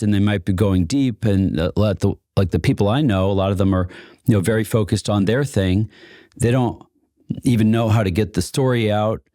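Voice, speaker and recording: Guy guest rambling thru a story, lowish voice, laughs a lot, lots of "like" and "you know". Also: warm tone, no room sound, studio quality. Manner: chatty, laughs often, many fillers and restarts. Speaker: guest who supports inventors. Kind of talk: casual storytelling chat.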